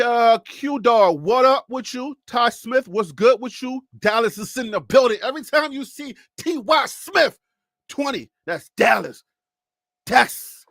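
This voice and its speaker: A man with a Liberian accent and a strikingly high voice hosts a live sports talk show. He talks fast and with hyped energy, shouting out viewers one after another. The sound is dry and close, with no room around it. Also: no echo. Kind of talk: casual live-stream chat with shout-outs.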